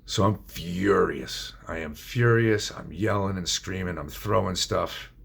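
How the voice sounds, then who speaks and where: A man's voice: low-pitched, unhurried, gravelly, fairly bright tone, breathy edge. A middle-aged man telling his own story of addiction in a blunt, confessional way, swearing freely. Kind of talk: candid personal storytelling.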